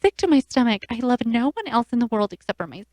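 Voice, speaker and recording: A woman's voice: on the high side, sing-song, fast, darkish tone, no echo. A woman playing an emotional, melodramatic pregnant wife in court for an improv comedy sketch. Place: radio studio.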